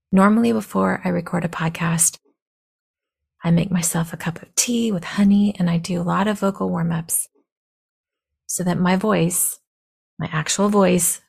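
A woman's voice: lowish voice, vocal fry, breathy edge. A woman in her fifties hosting a podcast, telling a personal story in a blunt, candid way, her voice scratchy from a cold. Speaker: podcast host.

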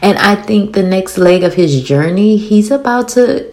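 A woman in her forties with a thick Louisiana accent, giving a blunt, animated, swearing recap of a TV episode full of rhetorical questions. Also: medium pitch, a little slow. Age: 40s. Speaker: TV show reviewer. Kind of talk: casual episode recap and commentary.

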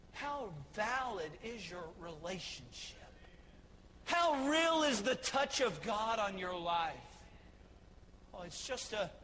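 A man preaching a sermon, building to shouted emphasis with repeated rhetorical questions, over faint room ambience. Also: high voice, long reverb tail, slight background noise, low-quality recording. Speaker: pastor.

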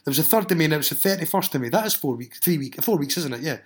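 A Scottish man hosts a solo podcast, reading listeners' stories aloud and reacting to them with swearing and laughter. His voice sits a little higher than most men's. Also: animated, rapid-fire. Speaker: podcast host.

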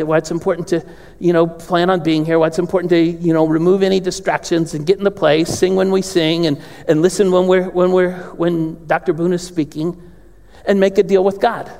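High gravelly preacher in a big hall. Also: male voice. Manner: animated, voices characters with sudden loud outbursts. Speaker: pastor. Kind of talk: sermon with acted-out Bible dialogue. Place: large church sanctuary. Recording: long reverb of a big hall.

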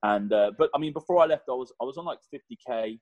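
A man's voice: medium pitch, fast, dry recording, highs cut off. A man, a personal trainer in his thirties, chatting animatedly as a podcast guest. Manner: animated, chatty, swears mildly. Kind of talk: podcast conversation.

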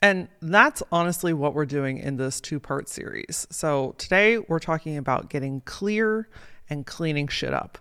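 A woman's voice: low-pitched, lively intonation, unhurried, fairly bright tone, clean tone, no echo, studio quality. A woman hosting a motivational podcast as a life coach, talking casually and emphatically with plenty of swearing.

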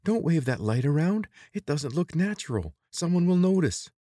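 A man doing a sharp, bossy young woman. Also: fairly high pitch, big pitch swings, moderate pace, no echo, studio quality, voice pushed up. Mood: urgent, sly. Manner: hissing, urgent and bossy.

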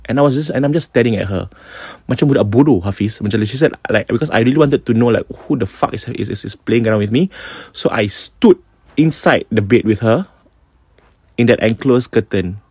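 A man with a Singaporean accent retelling ghost stories casually as a podcast host, animated and mixing in Malay phrases. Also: medium pitch, a little fast, breathy edge, no echo.

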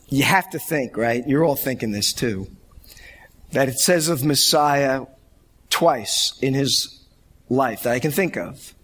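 A man's voice: mid-range voice, fairly bright tone, slightly rough. A middle-aged man preaching a sermon, telling stories animatedly and laughing along. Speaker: pastor.

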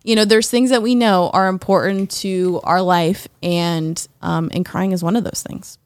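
A woman's voice: lowish voice, fairly even intonation, normal speed, clear, resonant tone, dry recording. Reflective woman asking questions. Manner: reflective, asks rhetorical questions, many "you know"s. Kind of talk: casual conversational chat.

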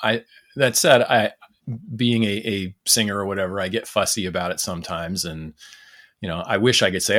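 A man's voice: on the low side, normal speed, fairly bright tone. A man who sings, co-hosting a podcast in easygoing, self-deprecating casual chat. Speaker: podcast co-host, singer.

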